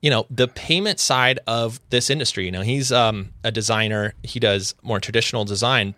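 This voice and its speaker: A man's voice: mid-range voice, sharp tone, dry recording. A man hosting a podcast in casual chat, rambling and often restarting his sentences. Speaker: podcast host.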